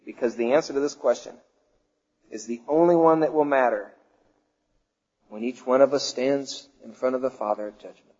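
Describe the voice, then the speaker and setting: A man preaching a sermon to his congregation, swinging between loud declarations and hushed, slow questions. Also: medium pitch, big-room sound, highs cut off. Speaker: pastor.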